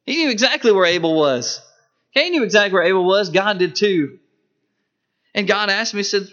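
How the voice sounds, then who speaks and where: A man preaching a sermon, emphatic, with sharp rises and drops in his voice for stress. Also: high-pitched, animated, moderate pace, long pauses. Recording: dull lo-fi recording.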